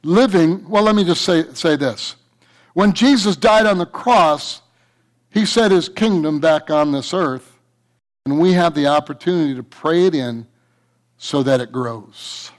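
A man's voice: a little high, measured pace. A man preaching a sermon to his church, fervent and repetitive, breaking into a story. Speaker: pastor.

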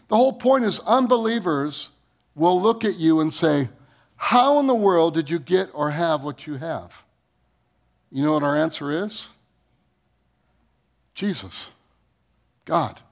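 A man preaching a sermon. He reads scripture aloud, asks the congregation questions, and swings from booming rises to low, quiet lines. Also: vocal fry. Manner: preaching with sudden rises in pitch and volume, then dropping low. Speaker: pastor.

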